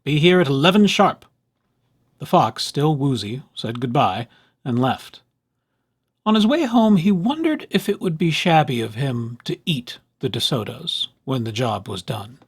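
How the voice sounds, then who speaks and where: A man reading a children's picture book aloud with expressive, animated storytelling. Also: mid-range voice, a little slow, breathy edge.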